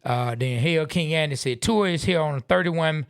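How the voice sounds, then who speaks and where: A laid-back man co-hosting a live stream, reading viewer comments aloud and riffing on them. His voice sits a little high for a man and sounds close and dry. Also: normal speed, clear, resonant tone, no echo. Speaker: podcast co-host.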